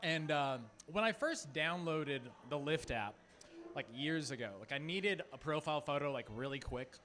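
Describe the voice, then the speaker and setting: Male stand-up comic, thirties, from Phoenix; high, very lively voice; rambling, chatty delivery. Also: normal speed. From Phoenix, Arizona. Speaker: stand-up comedian. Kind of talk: stand-up comedy set.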